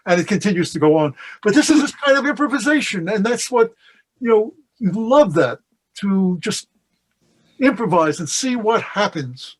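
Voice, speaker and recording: A man's voice: high voice, sing-song, poor audio. Older man talking poetry over a video call. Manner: halting, many restarts and fillers, slows down to read verse. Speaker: guest poet. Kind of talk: casual discussion with poetry readings.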